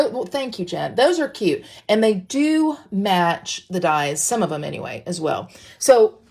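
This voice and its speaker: A woman's voice: medium pitch, gravelly. A woman leading a live crafting tutorial, chatting to viewers and reading their comments as she works, often restarting her sentences. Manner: chatty, self-interrupting, talks to viewers. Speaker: craft demonstrator.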